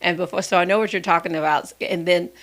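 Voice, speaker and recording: A woman's voice: fairly low pitch, steady tone, fast, fairly bright tone. A woman from East Texas hosting a casual interview, asking questions and chiming in with short affirmations. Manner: asks questions, affirms often with short replies. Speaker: host.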